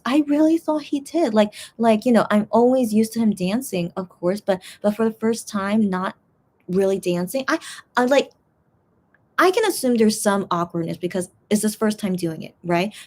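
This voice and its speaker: A young woman in casual chat, rambling to her viewers with lots of fillers and restarts. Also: mid-range voice. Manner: chatty and animated, talking straight to viewers. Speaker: fan vlogger.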